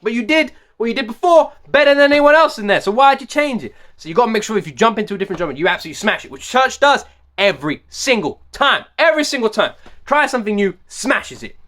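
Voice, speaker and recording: An excitable man hosts a music reaction video, rambling through a casual rant. His voice is bright and sits unusually high, and he talks quickly. He keeps hammering his points home by saying them again. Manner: animated, excitable, repeats himself for emphasis.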